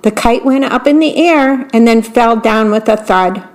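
A woman volunteer radio broadcaster reading a children's bedtime story in a clear, measured way. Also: on the high side.

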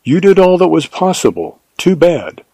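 A man's voice: a little high, big pitch swings, normal speed, mellow, no room sound, voice pushed up. A man voicing a thoughtful male hunting companion who speaks in a sober mutter. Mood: grave.

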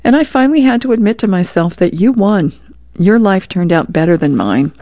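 A woman's voice: medium pitch, lively intonation, a little fast, dark tone, no echo, lightly acted. A woman voicing an older visiting sister who talks in a confiding, wry way. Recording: dull lo-fi radio sound.

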